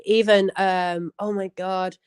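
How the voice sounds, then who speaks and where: A woman's voice: mid-range voice, flat delivery, takes it slowly, clean tone. A woman from northern England with a northern English accent, hosting a casual livestream panel chat in a blunt, sweary way and laughing often. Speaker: livestream host.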